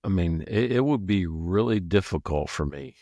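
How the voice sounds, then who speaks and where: A man with a somewhat low voice chats on a podcast, laughing as he tells stories and tripping over his own restarts. His voice is recorded close and dry, with no room sound around it. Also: animated, normal speed, warm tone, no echo. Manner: laughs often, stammers and restarts, acts out quoted people. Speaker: podcast co-host. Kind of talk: casual chat.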